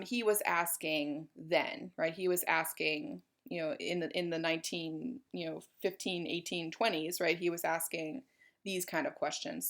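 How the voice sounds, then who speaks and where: A woman's voice: fairly low pitch, gravelly, a bit bright. A woman giving a college art history lecture in a chatty, informal way, with many fillers.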